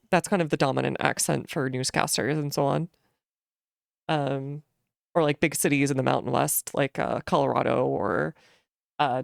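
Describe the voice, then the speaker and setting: A woman's voice: very deep voice, creaky, no room sound, clean studio sound. A woman from New Jersey chatting casually while streaming a game, rambling with lots of "like" and "uh". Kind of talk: casual gaming commentary. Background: game music.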